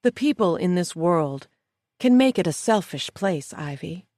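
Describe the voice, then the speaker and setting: A woman voicing a smug, cold female schemer who speaks calmly and condescendingly. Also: lowish voice, no echo, studio quality. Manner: calm, slow and condescending.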